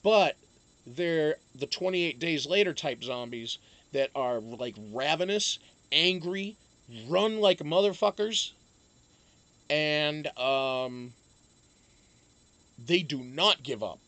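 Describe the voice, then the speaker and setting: A man's voice: on the high side, animated, slow, pauses often, a bit bright, no room sound. A man hosting a casual live stream from home, rambling with lots of fillers and swearing freely. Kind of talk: casual chat.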